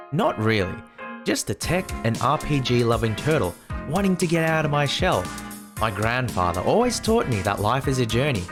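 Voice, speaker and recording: A man narrating a scripted self-introduction for his channel, playful and earnest. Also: medium pitch. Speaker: streamer introducing himself.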